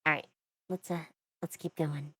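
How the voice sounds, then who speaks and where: A woman's voice: low voice, steady tone, moderate pace, slight background noise. A woman streamer giving casual commentary while reacting to songs, thinking aloud in a musing way. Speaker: VTuber reacting to music.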